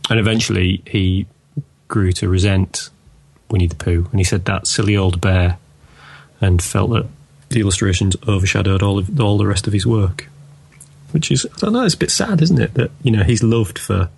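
A man with a deep voice that crackles into fry, a little husky, chatting on a podcast. He talks loosely and hesitantly, with filler words and restarts as he feels his way through each thought. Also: brisk, darkish tone. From England. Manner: hesitant, lots of ums and you-knows. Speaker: podcast co-host. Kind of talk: casual chat.

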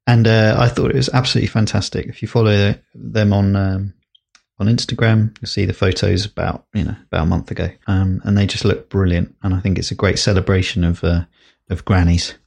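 A man's voice: lowish voice, level tone, brisk, gravelly, darkish tone. A man co-hosting a podcast, chatting casually and rambling with many fillers and restarts. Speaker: podcast co-host. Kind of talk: casual chat.

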